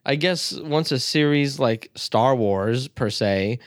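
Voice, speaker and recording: A laid-back man co-hosting a casual podcast chat. His voice is smooth and clear, and the sound is dry and close. He swears casually and laughs easily. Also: medium pitch, slow, dry recording. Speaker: podcast co-host.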